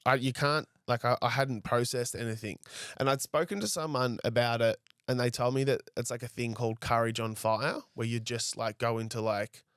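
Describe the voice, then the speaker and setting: On a podcast, a young male guest rambles through a story casually, saying "like" and "I was like" often. His medium-pitched voice is a bit bright and fairly even at a moderate pace, recorded cleanly in a studio with no echo.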